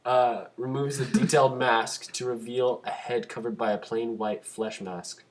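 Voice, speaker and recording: A young man with a mid-pitched voice reads his fan-made movie script on a casual podcast. He narrates steadily, then breaks into animated asides and loud laughing outbursts. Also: unhurried. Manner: animated, bursts into laughing shouts. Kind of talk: casual chat and script reading.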